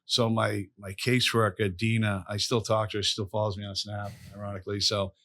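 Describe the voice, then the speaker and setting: A man's voice: lowish voice, flat delivery, brisk, fairly bright tone, no room sound, studio quality. A middle-aged man, a podcast guest telling stories in a blunt, profane, rambling way. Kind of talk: casual storytelling conversation.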